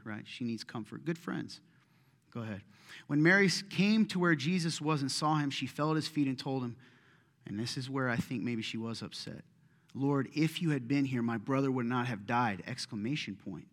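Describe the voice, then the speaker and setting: A man preaching a sermon, swinging from hushed asides to loud, pleading retellings. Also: fairly high pitch, expressive, normal speed, in a large hall. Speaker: pastor.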